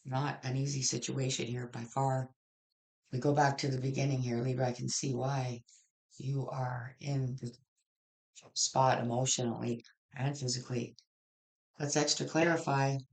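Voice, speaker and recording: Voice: mid-range voice, little pitch movement, normal speed, vocal fry, pauses often. A tarot reader giving a casual general reading, frank and blunt, swearing freely and rambling through restarts.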